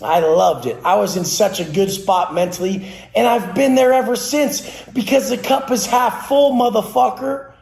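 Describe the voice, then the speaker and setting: A man's voice: high-pitched, normal speed, creaky, hardly any pauses, a little mellow. A man who trains people for a living, giving a blunt, profane motivational rant with aggressive, preachy force. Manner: blunt, aggressive, heavy swearing. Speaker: fitness trainer. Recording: roomy echo.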